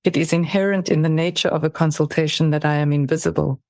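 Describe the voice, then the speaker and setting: Podcast host, soft probing questions, reads a bit out loud, mid pitch, dry sound. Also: fairly even intonation, fast, no room sound. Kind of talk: interview questions and reading aloud.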